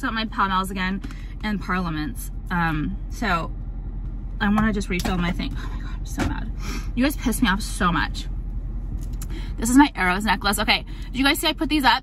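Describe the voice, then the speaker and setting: Woman vlogger, bright sharp voice, blunt profane rant, faint noise behind. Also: medium pitch, rough recording. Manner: blunt, profane, filler-heavy ranting. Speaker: vlogger selling her jewelry line. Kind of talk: casual rant to camera.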